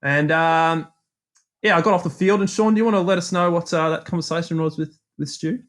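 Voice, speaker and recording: An Australian man casually telling a cricket story on a podcast, animated, acting out his own banter. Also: fairly high pitch, brisk.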